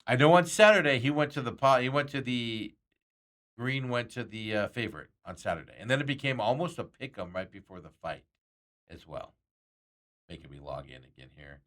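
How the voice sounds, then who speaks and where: A man's voice: mid-range voice, animated, normal speed, a bit bright. A man hosting a sports talk show, chatting casually and rambling with frequent chuckles.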